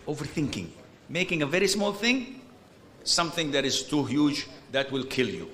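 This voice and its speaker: A male Islamic preacher speaks in a fairly high, bright, forceful voice. He is blunt and animated, mixing Arabic religious words into his English and breaking into exasperated, humorous emphasis. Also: moderate pace, slight background noise. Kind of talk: informal lecture answering a question.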